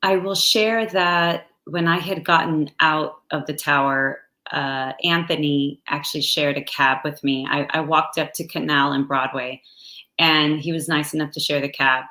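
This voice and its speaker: Woman interview guest, unhurried and soft-spoken, bright slightly low voice, echoey room. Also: fairly even intonation. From United States. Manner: slow, soft-spoken and halting. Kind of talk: reflective personal storytelling.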